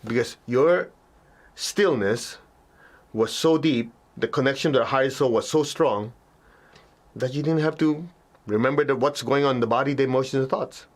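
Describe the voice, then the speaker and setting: A man giving a spiritual teaching talk as a meditation teacher, talking conversationally, often checking in with listeners and acting out reactions with sudden high yelps. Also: normal speed.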